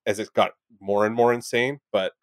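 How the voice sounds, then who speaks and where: A young man co-hosting a casual podcast, excitable and rambling, swearing freely. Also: fairly low pitch, moderate pace, dry recording. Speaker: podcast co-host.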